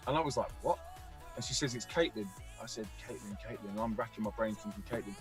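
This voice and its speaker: A man telling a vivid personal story as a guest, energetic, acting out the voices of people he quotes. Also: mid-range voice, a little fast, soft background music. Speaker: guest musician and youth speaker. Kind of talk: animated storytelling.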